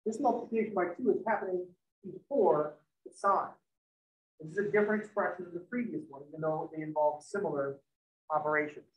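A man's voice: high voice, brisk, low-quality recording. A man teaching a math lesson in a classroom, moving from step-by-step explanation into chatty, joking stories and acted-out dialogues. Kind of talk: classroom lecture with joking asides.

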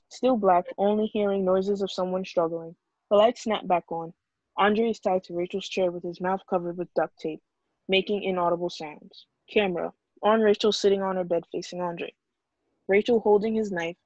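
A woman's voice: medium pitch, a little mellow, no room sound. Sex: female. Role: reading stage directions. Sound: dull video call.

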